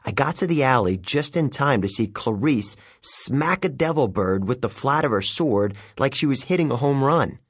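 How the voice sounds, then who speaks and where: Guy reading a kids audiobook, wry and animated, kinda husky. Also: medium pitch, normal speed, few pauses, dry recording, clean studio sound. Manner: lively, wry storytelling with youthful character voices. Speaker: audiobook narrator. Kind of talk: first-person audiobook narration.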